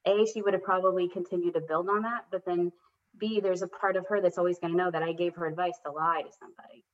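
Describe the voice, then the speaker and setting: A woman's voice: fairly low pitch, fairly even intonation, quick pace. A woman in her thirties, a guest telling a candid story about parenting with self-deprecating humor, livening up when she quotes her children. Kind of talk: casual conversational storytelling. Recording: dull lo-fi audio.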